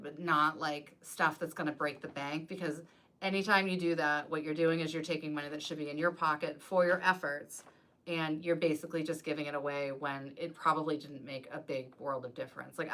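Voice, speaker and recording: Chatty woman with a bright, forceful voice. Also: deep voice. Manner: rambling and chatty, full of "like". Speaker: wreath designer and business coach. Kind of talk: casual live-stream chat.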